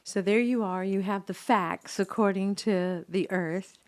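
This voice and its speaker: A woman's voice: medium pitch, steady tone, unhurried, darkish tone. A woman hosting an interview conversation, summarizing and prompting her guests. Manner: brief affirming interjections, summarizing. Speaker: host.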